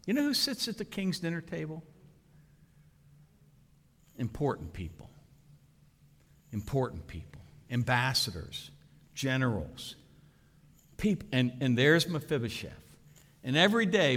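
Male preacher with an animated, swooping delivery, heard in a big echoing sanctuary. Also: mid-range voice, unhurried, pauses often. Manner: animated preaching with dramatic emphasis. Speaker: pastor. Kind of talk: sermon. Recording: reverberant hall.

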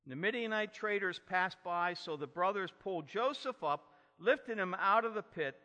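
A man's voice: high voice, pushed and bright. A man preaching an expository sermon and telling the story with dramatic emphasis. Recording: long hall reverb.

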